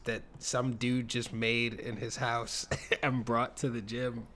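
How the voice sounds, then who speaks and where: A man in casual chat, animated and slangy, laughing often. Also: mid-range voice, slow, a little hiss or hum.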